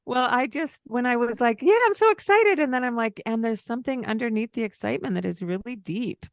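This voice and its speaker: A woman's voice: a little high, steady tone, a little fast, gravelly, no room sound, clean studio sound. A woman in her sixties, a parent coach hosting a podcast, talking in a heartfelt, tearful way, sometimes dropping to a near whisper. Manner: warm, tearful, soft-spoken at times. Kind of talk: casual heartfelt chat.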